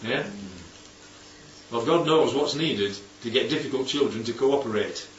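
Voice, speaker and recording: Here a preacher with a mid-range voice speaks a bit slowly, keeping his sermon casual and peppering the congregation with rhetorical questions. Faint background noise comes through, and the recording is distant and muffled, echoing around a large hall.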